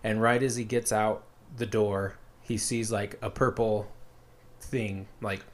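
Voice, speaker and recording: A man's voice: fairly low pitch, little pitch movement, slow pace. A man casually retelling a story as a podcast co-host, rambling with lots of fillers.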